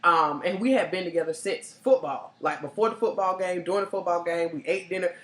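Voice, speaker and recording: A woman hosting a casual chat, telling stories in an animated, laughing way. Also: lowish voice, brisk. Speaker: STD life coach, host. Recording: echoey room.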